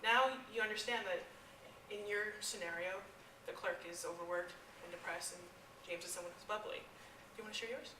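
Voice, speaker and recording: A woman teaching a classroom writing lesson, asking lively questions and restarting her sentences. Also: lowish voice, moderate pace, noisy background. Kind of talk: classroom instruction. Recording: echoey classroom, from far off.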